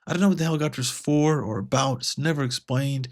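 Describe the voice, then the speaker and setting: Man, casual comic review, gravelly voice, rambling, lots of fillers. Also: mid-range voice, steady tone, quick pace. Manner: rambling, many fillers and restarts; paraphrases dialogue in a lightly raised voice. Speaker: comics podcast host.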